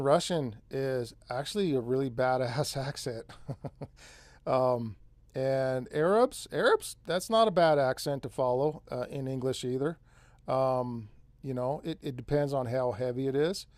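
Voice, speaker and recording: A man's voice: medium pitch, a little mellow, dry recording. A man with a central Californian accent hosting an off-grid live stream, chatting casually and rambling, often saying man and dude. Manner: rambling, easygoing, says man and dude a lot. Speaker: off-grid channel host.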